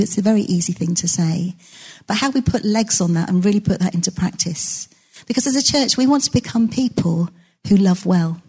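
Woman giving a chatty sermon, kinda husky breathy voice, self-deprecating. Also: mid-range voice, lively intonation, fairly quick. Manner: warm, conversational, self-deprecating storytelling. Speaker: preacher.

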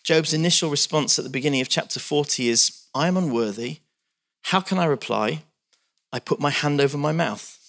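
A man's voice: a little high, brisk, fairly bright tone. A man preaching a sermon, reading scripture aloud with dramatic emphasis and talking to the congregation.

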